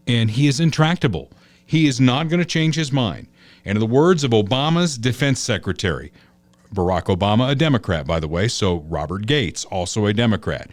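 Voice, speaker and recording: A man's voice: medium pitch, no echo. A man hosts a political talk show in an easy, storytelling way. His voice sits in a middle range and is recorded dry and close, with no room sound. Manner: chatty, storytelling, opinionated. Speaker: podcast host.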